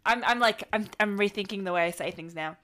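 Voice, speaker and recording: A young woman from the Philippines with a Filipino English accent with some American to it, co-hosting a podcast in casual, animated chat and often restarting her sentences. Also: medium pitch, fast. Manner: animated, laughing, self-interrupting. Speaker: podcast co-host.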